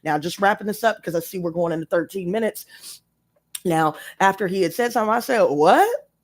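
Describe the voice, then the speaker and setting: A woman's voice: medium pitch, fast talker. Woman on a livestream venting a story, swears a lot, punchy and emphatic. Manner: profane, emphatic ranting. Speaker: tarot reader live-streaming. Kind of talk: casual live-stream storytelling.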